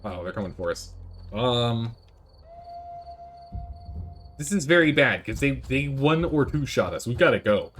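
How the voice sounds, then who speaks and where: Lively man streaming a video game. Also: medium pitch, slight background noise. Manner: excitable, joking, quick to panic. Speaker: gaming streamer. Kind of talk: casual gameplay commentary.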